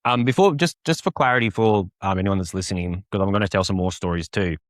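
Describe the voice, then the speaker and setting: A man's voice: low voice, quick pace, no echo, clean studio sound. A young man, a podcast guest telling a personal story in a rambling way with many fillers. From Australia. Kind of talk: personal testimony in casual conversation.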